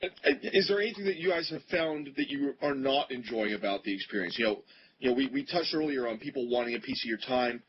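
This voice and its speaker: A man's voice: mid-range voice, expressive, fast talker. A man hosting a casual group interview, teasing his guests and cracking jokes. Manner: joking, teasing. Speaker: interview host. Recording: muffled, with background noise.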